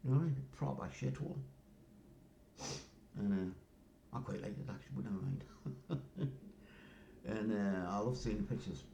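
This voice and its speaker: A man's voice: on the low side, normal speed, gravelly, long pauses, warm tone, lo-fi sound, a little hiss or hum. An older man, rambling through a casual story and often asking "you know what I mean". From North East England. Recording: roomy echo.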